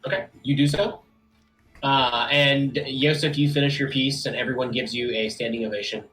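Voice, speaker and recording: A man running a tabletop game as game master, talking in a relaxed way with many fillers. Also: mid-range voice, normal speed, faint music behind, low-quality recording.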